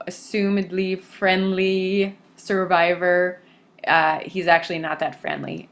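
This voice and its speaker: Female lecturer, lower register, hesitant delivery with frequent fillers. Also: fairly bright tone. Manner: hesitant, many filler sounds. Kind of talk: recorded literature lecture.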